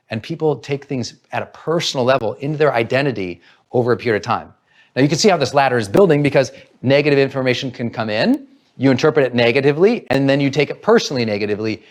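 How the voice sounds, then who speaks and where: A man's voice: mid-range voice, animated, fast. A man giving an earnest motivational talk, coaching listeners and acting out their inner voices. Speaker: motivational speaker.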